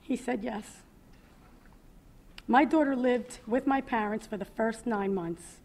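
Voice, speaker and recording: A woman in her thirties reads her own testimony aloud as a mother at a public event, speaking earnestly and with feeling, often pausing. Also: a little high, darkish tone. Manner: emotional, earnest, with pauses. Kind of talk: reading a personal testimony aloud.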